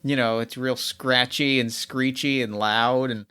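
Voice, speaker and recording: An eager man describes his character's wild actions in a tabletop game, often stumbling over repeated words. His voice is bright and smooth. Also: medium pitch, fairly even intonation, unhurried. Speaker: player.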